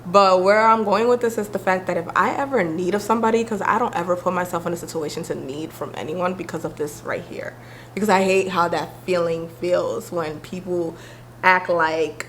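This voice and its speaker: A young woman vlogging to camera, talking candidly and with attitude, acting out friends in quick quoted voices. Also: lowish voice, slight background noise. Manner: animated, sassy, acts out friends' voices.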